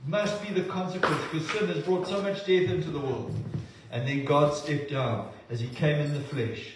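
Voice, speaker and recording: A man preaching a sermon, shifting between forceful declarations and hushed, earnest moments. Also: fairly high pitch, lively intonation, moderate pace, a little hiss or hum. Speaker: pastor. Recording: echoey hall recording from a distance.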